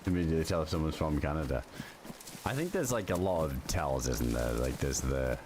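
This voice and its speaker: A man's voice: a bass voice, lively intonation, fairly quick, background noise. A young man streaming a game, chatting casually in a rambling way, full of fillers and swearing. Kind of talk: casual chat while gaming.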